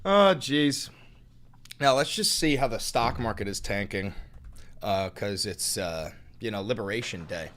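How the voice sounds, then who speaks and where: A man's voice: fairly low pitch, expressive, a little slow, a bit bright. A young man hosting a livestream, ranting with heated, profane political commentary. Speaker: livestream host. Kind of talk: live-streamed political commentary.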